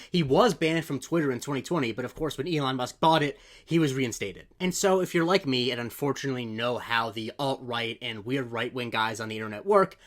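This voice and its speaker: A male host who races through his commentary on old tweets. His tone is sardonic and openly exasperated, and he sits at an ordinary middle pitch. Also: a bit bright. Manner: sardonic, exasperated, quick delivery.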